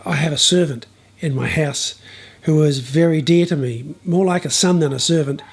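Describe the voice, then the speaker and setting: A man's voice: a little high, moderate pace, slightly rough. A man voicing an earnest, humble Roman centurion in a spoken bible story. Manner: earnest, pleading.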